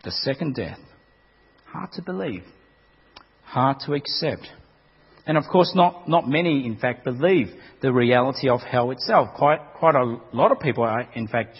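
A man with a husky, mid-range voice preaches dramatically, frequently repeating words. The recording is dull, with long hall reverb.

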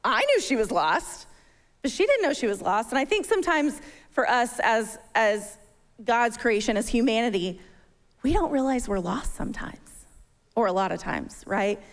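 Lady preaching in a big hall w/ long reverb, kinda high voice, acts out her stories. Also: moderate pace. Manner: animated storytelling, acting out her own panic. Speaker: church speaker. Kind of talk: sermon with personal story.

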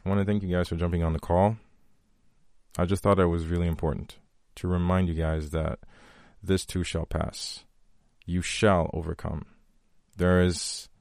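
A man in his thirties with a very low voice hosts a motivational podcast, talking earnestly to his listeners. He repeats key phrases for weight, and the recording is dry and close. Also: creaky, a little mellow, no echo. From from a country with long power outages. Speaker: podcast host.

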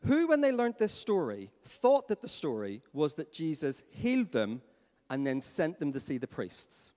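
Animated male pastor preaching in a hall. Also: on the high side, moderate pace. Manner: animated, asks the congregation questions. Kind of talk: sermon. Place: church hall. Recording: long hall reverb.

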